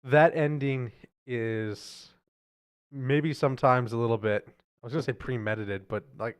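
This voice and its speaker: A man's voice: medium pitch, fairly even intonation, moderate pace, smooth. A man guesting on a podcast, chatting casually, laughing often and rambling a little. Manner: giggly, rambling, friendly. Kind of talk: casual chat. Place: small podcast studio.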